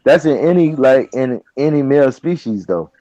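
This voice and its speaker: A man's voice: medium pitch, expressive, moderate pace, dark tone, dry recording. Slangy man on a dry, muffled call. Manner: loose, slangy, keeps saying "you know what I'm saying". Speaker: panel guest. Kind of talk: casual online panel chat.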